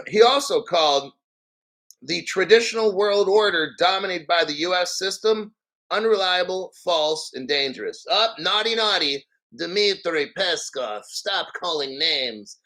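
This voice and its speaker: A man with a high voice tears into a news story in a profane, combative rant, full of mockery. His tone is sharp and forceful, and he keeps clearing his throat between remarks. He sounds like a crypto vlogger hosting his own channel. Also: lively intonation, a little slow, rough recording. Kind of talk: ranting commentary on a news article.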